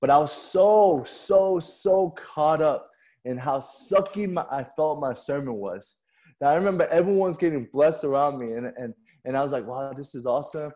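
A man's voice: fairly high pitch, lively intonation, normal speed, dark tone. A young man preaching a sermon and telling a personal story in a casual, conversational way, often repeating words as he starts a sentence. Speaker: pastor.

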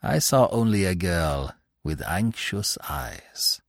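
A man voicing a precise older Belgian detective who talks in a measured, grave way with French phrases. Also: medium pitch, big pitch swings, darkish tone, no room sound, studio quality.

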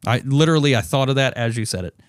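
A man co-hosting a casual podcast reads strange headlines aloud and jokes about them as he goes. His pitch swings up and down a lot, and he often stumbles and restarts. The recording is close and dry, with almost no room sound. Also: expressive, no echo. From not British. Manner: joking, offhand, halting with many fillers. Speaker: podcast co-host. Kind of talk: casual chat, reading news headlines.

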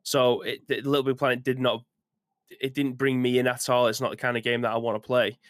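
A young man rambles through his thoughts on a gaming podcast, pausing and restarting often. His voice sits at a middle pitch. The recording is dry and close. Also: flat delivery, no room sound. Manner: rambling, hesitant with fillers. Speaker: podcast co-host. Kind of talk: casual chat.

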